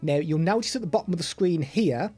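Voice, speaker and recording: A man's voice: fairly high pitch, expressive, a little fast, a little mellow, faint music behind. A man streaming live while demoing audio gadgets, chatty with self-deprecating asides, into a studio microphone. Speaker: streamer reviewing products.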